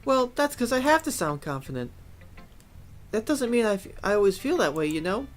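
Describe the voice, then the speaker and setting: A cheerful teen girl club president from a visual novel game, speaking up high and with confidence, put on by a man reading every part. She gives friendly advice in a lively, upbeat way. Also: normal speed, soft background music.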